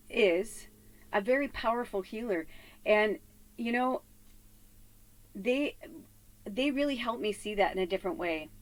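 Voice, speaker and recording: Speaking straight to her viewers in a casual vlog, a psychic medium from Chicago gives a loose, profane, heated account packed with "like" and "you know." She has a medium-pitched voice on a rough recording.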